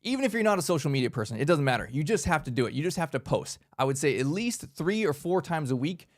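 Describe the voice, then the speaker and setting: A man hosting a motivational business workshop, talking in a casual, energetic way and often tagging lines with "man" and "right?". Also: fairly high pitch, fast. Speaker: workshop host.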